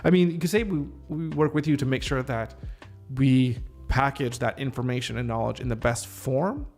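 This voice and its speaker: A man with a gravelly edge to his voice rehearses a script alone, trying out each line and pausing to question and reword it. His pitch sits in an ordinary middle range. A little music plays faintly behind him. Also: darkish tone. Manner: reads lines aloud, stops to rethink and reword. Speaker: podcast host. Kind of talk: casual solo script rehearsal.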